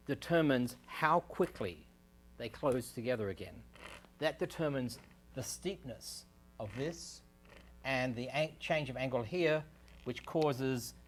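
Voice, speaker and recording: Man giving a technical lecture. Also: medium pitch. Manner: explanatory, thinking aloud with fillers and restarts. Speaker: research scientist giving a technical talk. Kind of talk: university lecture. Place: lecture room.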